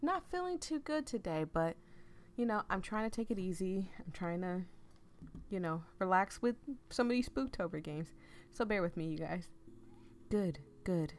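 A hoarse woman giving casual, self-deprecating commentary while reading a visual novel game aloud. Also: mid-range voice, animated, moderate pace. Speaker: gaming video creator.

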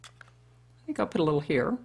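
Husky-voiced woman over fifty. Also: low-pitched, very animated, normal speed, darkish tone. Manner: chatty, talks straight to women viewers. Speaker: beauty vlogger. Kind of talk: casual makeup tutorial chat.

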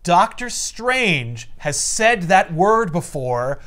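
A man voicing an overwhelmed young male superhero with wry, deadpan asides. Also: sits high, takes it slowly, full character voice.

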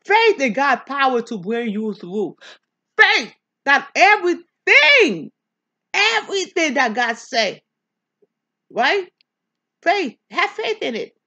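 A woman pastor reads scripture slowly and comments on it, swinging her pitch up and down as she preaches. Her voice is bright. The recording is dull and lo-fi. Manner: animated preaching, talks back to the text. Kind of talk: Bible reading and teaching.

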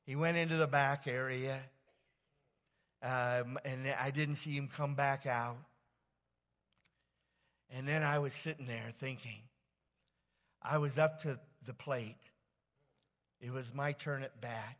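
A man preaching a sermon as pastor, telling a personal story in a halting, rambling way full of fillers and restarts. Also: medium pitch, steady tone, fairly bright tone. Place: church sanctuary. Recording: long church hall reverb.

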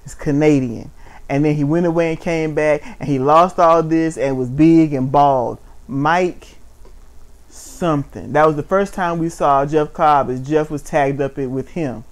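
A man's voice: fairly high pitch, measured pace. A man co-hosting a casual wrestling chat, blunt and mocking, with frequent swearing. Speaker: podcast co-host.

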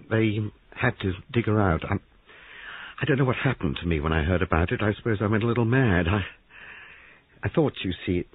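A man's voice: on the low side, breathy edge, pitched above the performer's own voice. A man reading aloud and voicing a nervous young army deserter who stammers and halts. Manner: halting, stammering, raised voice. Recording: dry, tinny phone-like sound.

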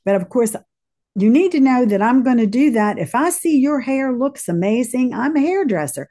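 A woman cohosting a casual faith chat, speaking slowly and deliberately with short laughs. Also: fairly high pitch, animated, mellow. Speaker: cohost, hairdresser.

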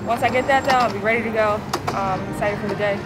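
A woman's voice: medium pitch, fairly even intonation, fast talker. A woman musician talking casually to the camera in a vlog, playful and full of filler words. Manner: chatty, leans heavily on "like" fillers; playful, teasing. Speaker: musician and entertainer. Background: music playing.

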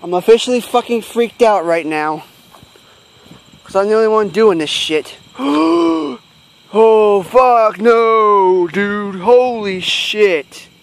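Frightened man, high voice, drawn-out speech, swearing to himself, handheld phone, outdoors at night. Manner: heavy swearing, nervous self-talk. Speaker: vlogger filming himself. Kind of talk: handheld night-walk vlog. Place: outdoors in rural fields at night.

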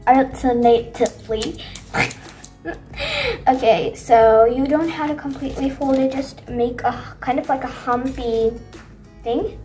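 Casual home craft presenter: a woman with a high voice and an easy, slow delivery, playful and chatty. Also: warm tone, distant mic, rough recording. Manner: chatty, playful, jokey asides. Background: background music.

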